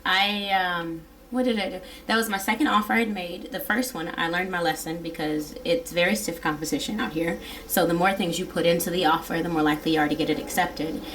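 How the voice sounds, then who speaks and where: A woman's voice: fairly low pitch, steady tone, brisk, few pauses, fairly bright tone, a little hiss or hum. A woman in casual conversation, chatty and joking, who acts out quoted lines. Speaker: guest. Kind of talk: casual chat.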